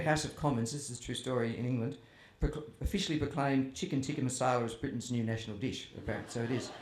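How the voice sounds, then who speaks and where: A man telling humorous stories about his family to a festival audience, chatty and self-deprecating. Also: mid-range voice. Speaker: author speaking at a festival. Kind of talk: humorous storytelling to a live audience. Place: festival tent or hall with audience. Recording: roomy hall with faint ambience.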